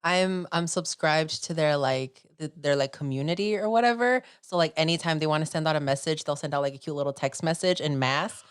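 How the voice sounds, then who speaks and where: Woman podcast host, lowish voice, chatty and enthusiastic fan, casual. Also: brisk, few pauses, clean tone, no echo, clean studio sound.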